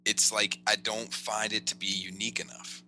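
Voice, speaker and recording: A man co-hosting a podcast in casual movie chat, talking fast with lots of stammered restarts. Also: on the low side, flat delivery, sharp tone, soft background music. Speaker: podcast co-host.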